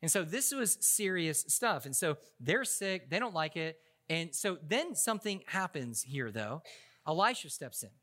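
A man's voice: fairly high pitch, big pitch swings, a little slow, sharp tone. A man preaching a sermon as a pastor, telling funny stories in a casual, conversational way and often stopping to restart his sentences. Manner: humorous, conversational storytelling with frequent restarts.

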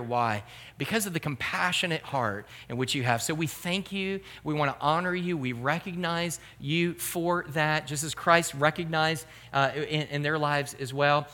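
Male pastor, middle-aged, high voice, forceful tone, earnest sermon delivery. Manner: earnest, emphatic preaching.

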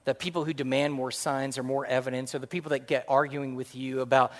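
A man preaching a sermon as pastor, animated and jokey, swinging from loud punchlines to quiet earnest points. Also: mid-range voice, fast. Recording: long hall reverb.

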